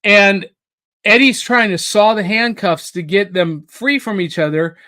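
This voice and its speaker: A man hosting a podcast, telling stories in a measured, conversational way. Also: high-pitched, pushed and bright. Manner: measured, storytelling. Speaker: podcast host. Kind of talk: casual chat.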